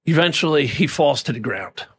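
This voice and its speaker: A man's voice: fairly high pitch, animated, moderate pace, a bit bright, husky. A man from New Jersey telling a personal story as a podcast guest, intense and profane, often stammering and repeating words.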